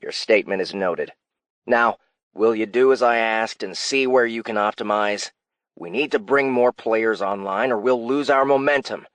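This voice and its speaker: A man's voice: lowish voice, moderate pace, a bit bright, no echo, lightly acted. A woman voicing a smug sarcastic CEO. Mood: dismissive. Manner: sarcastic, condescending. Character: smug, dismissive male company CEO.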